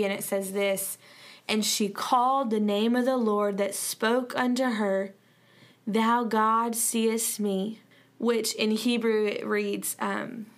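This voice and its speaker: A woman's voice: on the high side, gravelly. A woman with a Southern accent giving an earnest, conversational Bible study talk, with fillers and restarts along the way. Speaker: Bible teacher.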